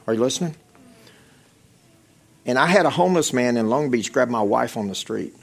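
Husky impassioned male preacher. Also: medium pitch, animated, a little fast. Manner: impassioned preaching, swinging from loud exhortation to hushed intensity. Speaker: pastor. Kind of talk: sermon.

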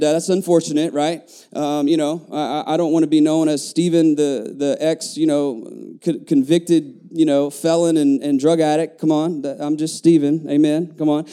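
A man's voice: a little high, clear, resonant tone. A middle-aged man from the United States, preaching a sermon in a church and stopping to restart his phrases. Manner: animated preaching with repeated restarts and call-and-response asides. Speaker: pastor. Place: church sanctuary.

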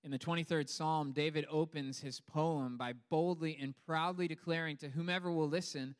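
Man, pastor, sermon, smooth resonant voice, long hall reverb, humorous preaching. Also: on the high side, moderate pace, hardly any pauses. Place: church hall.

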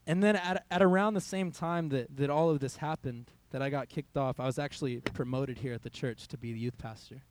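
A man's voice: on the high side, expressive, moderate pace, a little mellow. A young man, a youth pastor, giving a conversational sermon in a church hall, telling a personal story and quoting his own thoughts.

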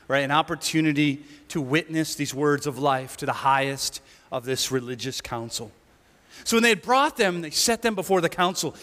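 Lively, high-voiced male preacher. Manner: animated, acts out the story. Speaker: pastor. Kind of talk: sermon. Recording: long hall reverb.

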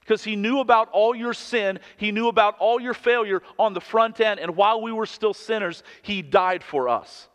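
A man's voice: high voice, moderate pace, few pauses, a bit bright. A man in his thirties, a pastor delivering an earnest, conversational sermon full of personal stories. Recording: long hall reverb.

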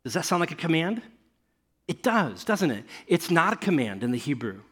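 A middle-aged male pastor preaching a sermon, animated, often asking his listeners rhetorical questions. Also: on the high side, moderate pace, slightly rough.

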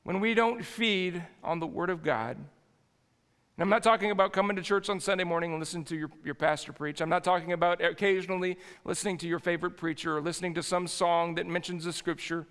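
A man's voice: high voice, fairly even intonation, fast talker, fairly bright tone, clear, resonant tone. A man preaching a sermon as pastor in a church sanctuary, folksy and jokey, often restarting his sentences. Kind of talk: conversational sermon. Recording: long hall reverb.

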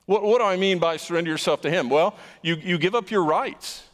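A man's voice: high-pitched, a little fast, big-room sound. A man preaching a sermon as pastor, emphatic and stressing points by repeating words.

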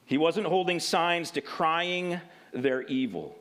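A man preaching a sermon, animated, often laughing and restarting phrases, then reading a passage aloud. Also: on the high side, takes it slowly.

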